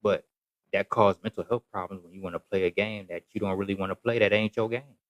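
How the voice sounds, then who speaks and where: A man's voice: on the low side, steady tone, quick pace, no room sound, dull audio. A man ranting casually to camera in a rambling, repetitive, emphatic way. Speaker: social media commentator.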